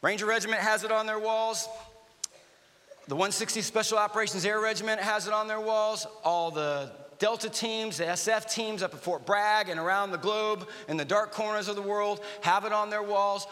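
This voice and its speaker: High, bright-voiced man in an echoing church. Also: moderate pace. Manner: animated storytelling with acted-out dialogue. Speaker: guest speaker, army veteran. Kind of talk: motivational church talk. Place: church auditorium. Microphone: stage microphone. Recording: reverberant church hall.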